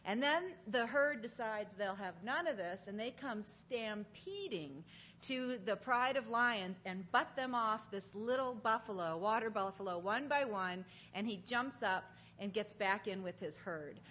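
Woman preaching to a women's group, animated storyteller, muffled recording with a little hiss. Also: medium pitch, a little slow. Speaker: speaker at a women's gathering. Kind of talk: devotional talk with prayer. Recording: dull lo-fi sound, faint noise.

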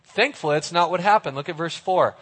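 Playful preacher man, animated and audience-involving, a bit high-voiced, long hall reverb. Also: brisk, slightly rough. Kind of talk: lively youth sermon.

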